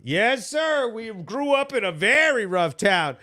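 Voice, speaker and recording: A man's voice: sits high, very animated, unhurried, few pauses, bright, forceful tone, dry recording, clean studio sound. Hyped, profane man hosting local news. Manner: hyped, profane, slangy, emphatic. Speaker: local news show host. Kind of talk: loud casual commentary and sponsor reads.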